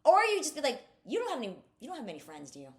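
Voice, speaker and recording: A woman's voice: high voice, huge pitch swings, rapid-fire. A woman co-hosting a podcast in casual chat, blunt and profane, with fired-up talk. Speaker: podcast co-host.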